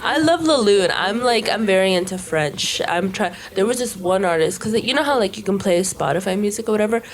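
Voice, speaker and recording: A woman's voice: mid-range voice, brisk, background noise. A young woman co-hosting a podcast, chatting in a playful, blunt way and laughing often. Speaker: podcast co-host. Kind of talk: casual podcast chat.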